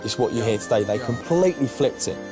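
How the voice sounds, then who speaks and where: A man telling interview anecdotes in an animated, slangy way. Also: mid-range voice, fast, over loud music. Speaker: interviewee, pop singer.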